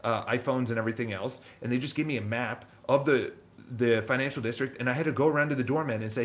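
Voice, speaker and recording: A man's voice: medium pitch, quick pace. Rambling man giving casual business advice. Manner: rambling, many restarts and repeated words. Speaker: real estate channel host. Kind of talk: casual motivational monologue.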